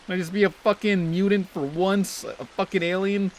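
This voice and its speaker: A man's voice: high voice, steady tone, normal speed, a little hiss or hum. A young man giving crude, sarcastic, constantly swearing commentary while playing a video game. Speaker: let's play host. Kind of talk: profane gameplay commentary.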